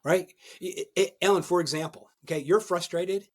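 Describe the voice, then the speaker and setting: Husky, fairly high-voiced male coach. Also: moderate pace. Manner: energetic and emphatic, often tags "right?"; repeats and restarts words when excited. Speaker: executive coach and guest. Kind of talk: conversational podcast interview.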